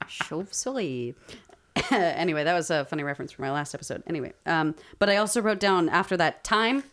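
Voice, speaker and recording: A woman's voice: lowish voice, fairly quick, fairly bright tone. A woman co-hosting a podcast in casual chat, talking freely, laughing often and swearing casually. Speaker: podcast co-host.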